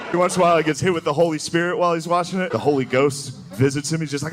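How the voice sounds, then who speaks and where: Crude stand-up comic with many impressions. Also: male voice, a little high, very fast, hardly any pauses, noisy background. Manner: crude, deadpan storytelling with frequent impressions. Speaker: stand-up comedian. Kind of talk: stand-up comedy set.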